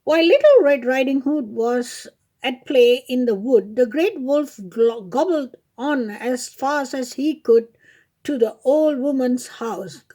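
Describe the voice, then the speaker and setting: A woman reading a fairy tale aloud in a high, mellow voice. She takes her time, and small slips and self-corrections dot her storytelling. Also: animated, slow.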